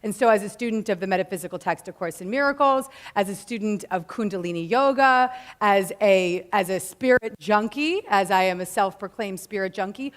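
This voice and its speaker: A woman's voice: mid-range voice, brisk, hardly any pauses. Earnest woman giving an inspirational talk. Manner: earnest, preachy, casual slang mixed with spiritual phrasing. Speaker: motivational speaker. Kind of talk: inspirational talk to a live audience.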